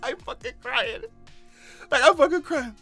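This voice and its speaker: A man giving casual comedic commentary on a news story, animated and profane, laughing often as he talks. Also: very high voice, unhurried, gravelly, soft background music. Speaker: YouTube commentator.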